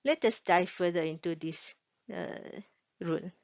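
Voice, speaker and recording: Patient woman teacher, slow and deliberate. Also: fairly low pitch, creaky, dry recording. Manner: patient, checks in often with "okay?" and repeats each rule. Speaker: Quran recitation teacher. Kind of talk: slow explanatory online lesson. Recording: dull lo-fi, dry sound.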